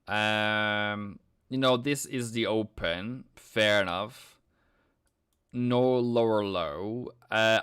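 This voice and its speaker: A man's voice: fairly low pitch, a bit bright, clear, resonant tone. A man hosting a live trading stream, talking through charts and joking with his viewers. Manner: joking banter, drawn-out chart talk.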